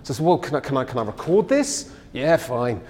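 A man lectures to an audience at a middle pitch, and his voice rings with the long reverb of a large hall. He talks in a relaxed, storytelling way and acts out the lines of the people he quotes. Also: a little fast. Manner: conversational storytelling, acting out quoted speech. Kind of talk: public lecture with anecdotes.

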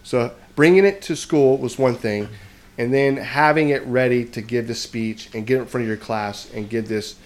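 A man's voice: mid-range voice, moderate pace. A man telling a long story in casual podcast chat, rambling and self-mocking, often checking in with "right?".

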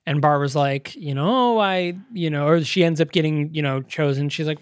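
A man's voice: a little high, moderate pace, few pauses, dry recording, clean studio sound. A man co-hosting a podcast, retelling a movie in casual chat, emotional and rambling with many fillers. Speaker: podcast co-host.

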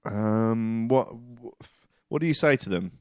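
A man reacting in a wry, deadpan way in casual chat. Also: fairly low pitch, unhurried, smooth, no room sound, clean studio sound.

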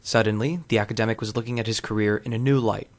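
Brief: male host, lowish voice, dry wordy scripted narration. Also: quick pace. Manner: wry, wordy, deadpan. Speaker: podcast host.

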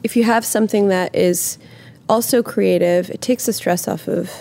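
A young woman who acts, chatting casually and animatedly, swearing freely and acting out what people say in lively voices. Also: medium pitch, moderate pace, gravelly. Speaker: actress, podcast guest. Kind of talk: casual chat.

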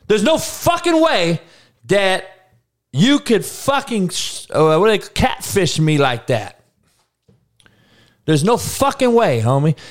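A male livestream host ranting to his live chat, profane and rambling, with many restarts. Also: high voice. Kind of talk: casual unscripted rant to a live chat.

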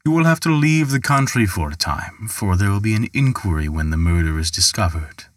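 A man's voice: lowish voice, expressive, brisk, no room sound, clean studio sound, lightly acted. A man voicing a sly, greedy male raftsman who deals in magic, talking in a smug, coaxing way.

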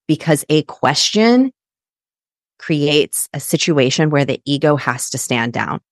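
A woman's voice: extremely low pitch, no room sound, studio quality. A young adult woman hosting a podcast, talking casually and earnestly about mindset and breathwork, often laughing between her points. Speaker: podcast host and breathwork coach. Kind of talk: casual motivational talk.

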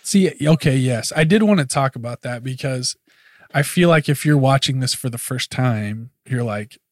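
A relaxed man co-hosts a casual TV review podcast, agreeing easily and moving things along from segment to segment. His voice sits at an ordinary pitch and is recorded close and dry. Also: moderate pace, dry recording. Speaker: podcast co-host. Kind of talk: casual chat reviewing a TV episode.

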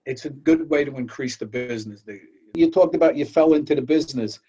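A man's voice: fairly high pitch, brisk, warm tone, slightly rough. An older man hosting a talk, telling folksy anecdotes and often repeating words as he goes. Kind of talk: storytelling chat. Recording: dull lo-fi audio.

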